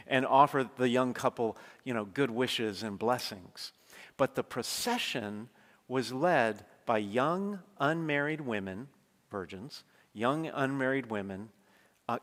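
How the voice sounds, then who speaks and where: Priest giving a sermon, mid-pitched man, conversational and emphatic, church echo. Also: fairly bright tone. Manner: conversational preaching, emphatic, speeds up when stressing points. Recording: long church reverb.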